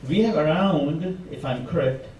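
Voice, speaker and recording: A man with a voice preaches a sermon in a mosque hall, stacking up repeated phrases with rising force. His tone is dark and mellow, and he is picked up from some distance in a roomy, echoing space with faint ambient noise. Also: a little high, a little slow, muffled recording. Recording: echoey hall, mic from far off.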